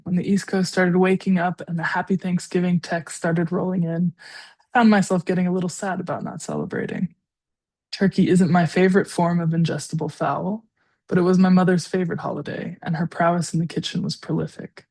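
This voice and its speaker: A woman's voice: lowish voice, vocal fry, a little mellow, slightly rough. A woman in her forties, a guest writer, reading her own personal essay aloud with a tender, darkly funny touch. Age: 40s.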